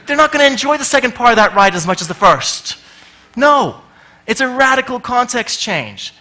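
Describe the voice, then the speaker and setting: A man giving a comic conference talk, animated and swearing freely, often acting out little voices. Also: very high voice, normal speed. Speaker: conference speaker.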